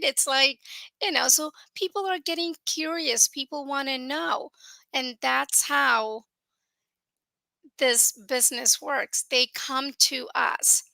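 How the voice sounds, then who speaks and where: A woman's voice: high voice, slow pace, gravelly, pushed and bright, dry recording. A woman giving an earnest testimonial on a video call. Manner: earnest, acts out quoted people. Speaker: business partner giving a testimonial.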